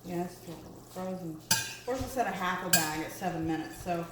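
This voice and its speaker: A woman's voice: fairly low pitch, brisk. A woman chatting casually while cooking at home, filling her talk with ums and little asides. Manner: chatty, full of fillers and asides. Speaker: home cook vlogger. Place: home kitchen. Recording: roomy kitchen with loud background noise.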